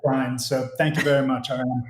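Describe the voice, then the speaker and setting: A man's voice: medium pitch, little pitch movement, normal speed. Dry, amused man in an echoey room. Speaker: caller.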